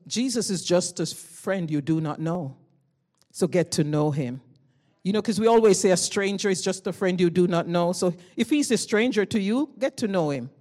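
A woman preaches from the pulpit, loud and fervent, moving between easy conversational storytelling and sudden surges of feeling. Her delivery is personal and direct, like she is talking to each listener in the congregation. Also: fairly low pitch, lively intonation, normal speed. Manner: conversational storytelling with rising emotional bursts. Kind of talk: sermon.

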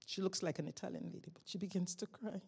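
A woman giving a spoken testimony to a congregation, telling a story with lively swings from loud exclamations to hushed tones and frequent laughter. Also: on the low side, quick pace, vocal fry, husky. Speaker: church member giving testimony.

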